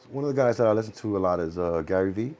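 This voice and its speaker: A man hosting a podcast, a father, talking casually and sometimes pausing to search for words. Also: fairly low pitch, expressive, darkish tone, lo-fi sound. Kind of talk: casual chat.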